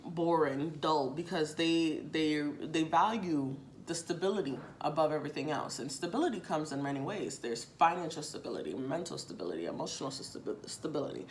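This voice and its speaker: Woman tarot reader, casual and chatty, lower pitch, loose and repetitive delivery. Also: animated, fairly quick, few pauses, slight background noise. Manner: chatty, repeats phrases, casual swearing, addresses viewers directly. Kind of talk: casual tarot reading to viewers.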